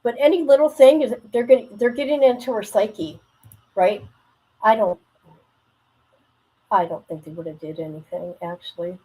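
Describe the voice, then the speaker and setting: A woman's voice: medium pitch, moderate pace, long pauses, mellow, breathy edge, low-quality recording. A woman hosting a livestream, musing aloud about a video she is reacting to. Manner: musing, thinking aloud with trailing thoughts. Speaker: stream host reacting to a video. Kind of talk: casual livestream commentary.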